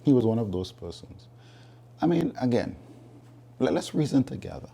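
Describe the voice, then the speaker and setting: Male preacher with a mellow, husky voice, emphatic, repeats points for weight. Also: medium pitch, sing-song, normal speed. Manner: emphatic, repeats key phrases, reasons with listeners. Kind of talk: sermon.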